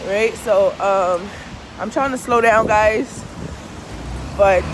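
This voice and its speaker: Speaking slowly in a mid-range voice and pausing often, a woman who reads tarot and vlogs gives casual, confessional talk laced with profanity. She's emphatic and keeps checking that listeners follow with "you understand?", against some background noise.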